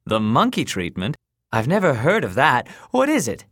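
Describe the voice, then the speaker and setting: A man puts on a greedy, pushy heavyset man in a told story, pitched higher and louder than the narration. He presses eagerly and impatiently, in a dry, close recording. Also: very animated, moderate pace, dry recording.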